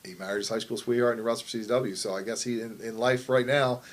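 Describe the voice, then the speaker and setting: A man's voice: medium pitch, steady tone, fast talker, low-quality recording. A middle-aged man telling wrestling stories in a casual interview, rambling and profane, often asking "you know what I mean". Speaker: wrestling promoter.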